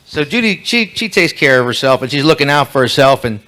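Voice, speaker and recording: A man's voice: medium pitch, very animated, brisk, pushed and bright. A man roasting a friend in front of a banquet crowd with crude bathroom jokes. He rambles, restarts and loses his place in his notes, then lands the punchline. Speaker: roaster, emcee. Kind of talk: comedy roast joke-telling. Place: banquet hall, live event.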